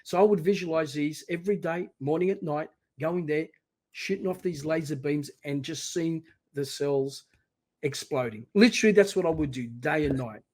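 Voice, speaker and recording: A middle-aged man speaking as a podcast guest, his voice sitting a little high for a man. He tells his story with emphatic, animated energy. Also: normal speed. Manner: emphatic, animated storyteller, often quoting himself. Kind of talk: personal storytelling in conversation.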